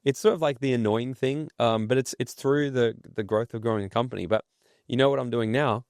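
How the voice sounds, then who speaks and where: A man's voice: medium pitch, a little fast, darkish tone, dry recording, studio quality. An entrepreneur speaking as a podcast guest, blunt and profane, telling stories to make his points. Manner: blunt, swears freely, tells stories. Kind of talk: casual podcast interview.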